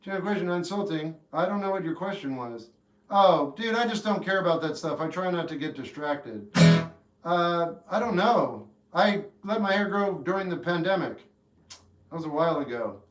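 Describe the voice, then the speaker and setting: A man hosting a livestream who answers chat questions in a deadpan, laconic way, with short replies. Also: sits high, moderate pace. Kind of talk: casual chat. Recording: echoey room with guitar behind.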